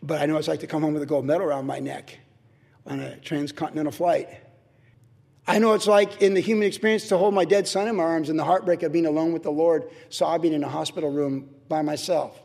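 Middle-aged pastor, emphatic conversational preacher, high voice, sermon in a reverberant sanctuary. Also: male voice, steady tone, fast talker, gravelly, a little mellow. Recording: long reverb of a large hall.

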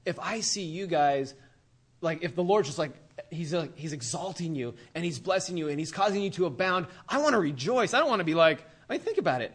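A man's voice: fairly high pitch, brisk, husky. Slangy, laid-back male preacher. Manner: laid-back, slangy and animated, acting out characters. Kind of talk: casual sermon.

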